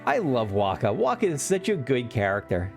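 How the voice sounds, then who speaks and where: A man's voice: medium pitch, huge pitch swings, moderate pace, darkish tone, soft background music. A man hosting a let's play, reading game dialogue aloud and adding chatty, reflective asides full of filler words.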